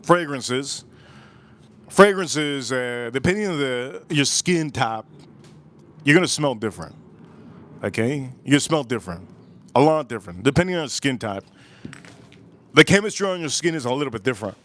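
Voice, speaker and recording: A man's voice: medium pitch, animated, moderate pace, long pauses, fairly bright tone. A man hosting a cigar review livestream, chatting casually and rambling, repeating his phrases and acting out the voices of people he quotes. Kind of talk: casual rambling live-stream chat. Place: Miami.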